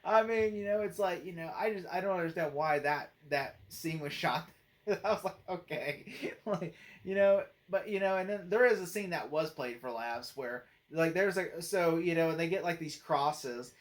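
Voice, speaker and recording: A man's voice: fairly high pitch, normal speed. A man talks through a film in a casual spoken review for his own channel. He rambles from point to point, leaning on "like" and "you know". He breaks into laughter easily as he goes. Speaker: movie critic and channel host.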